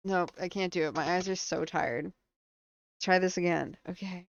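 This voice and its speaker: Low gravelly woman streaming a game. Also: steady tone, no echo, lo-fi sound. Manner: reads on-screen text aloud between quick reactions. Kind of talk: live game stream commentary.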